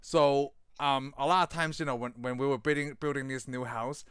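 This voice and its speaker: Laughing, excitable man chatting about movies. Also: medium pitch, moderate pace, smooth, no room sound, studio quality. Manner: laughs often, loose and excitable. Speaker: podcast co-host. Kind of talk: casual movie chat.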